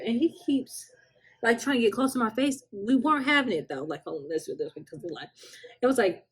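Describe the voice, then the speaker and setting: A woman's voice: a little high, lively intonation, fast, slightly rough. A young woman vlogger telling a casual storytime with lots of animation, acting out quotes and laughing often.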